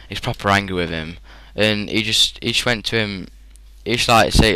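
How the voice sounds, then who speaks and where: A teenage man with a British English accent rambles through a casual gaming commentary. His slightly low voice sounds bright and clean. The recording is dry and close, with no room echo. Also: fairly quick, clean tone. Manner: rambling, chatty, frequent fillers and laughs. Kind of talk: casual storytelling over gameplay.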